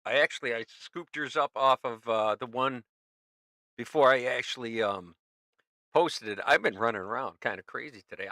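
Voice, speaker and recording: A man's voice: medium pitch, bright, forceful tone, no room sound. An older man hosting an art livestream, chatting casually in rambling bursts with restarts. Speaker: livestream host.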